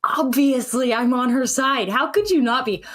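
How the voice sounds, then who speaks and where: A woman's voice: sits high, normal speed. A woman giving opinionated commentary on a panel in a mocking, dismissive way. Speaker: social media commentator.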